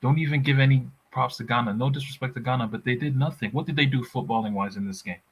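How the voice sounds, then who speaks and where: A man's voice: medium pitch, quick pace, slightly rough, poor audio. A man in a casual football chat, blunt and heated, swearing freely. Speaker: football pundit.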